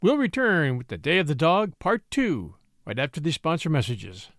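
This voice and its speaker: A man narrating an old-fashioned tale with an expressive storytelling delivery. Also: a little high, normal speed, no echo, studio quality.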